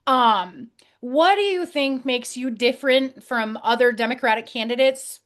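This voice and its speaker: A woman's voice: a little high, measured pace, a bit bright. A woman hosting a casual interview, bubbly and chatty. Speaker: podcast host.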